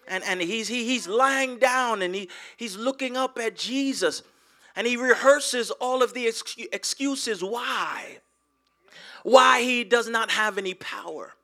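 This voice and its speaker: High, bright-voiced male preacher. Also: measured pace. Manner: repeats and stutters words, swings from loud to hushed. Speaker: pastor. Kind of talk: sermon.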